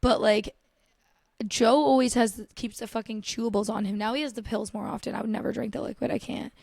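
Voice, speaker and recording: This young American woman hosts a podcast on her own, chatting casually about TV and food in a brisk, high-ish voice with vocal fry, a slightly mellow tone, and fairly even intonation. She's dramatic and gushing, swears freely, and fills her talk with "like." The audio is studio quality with no room sound.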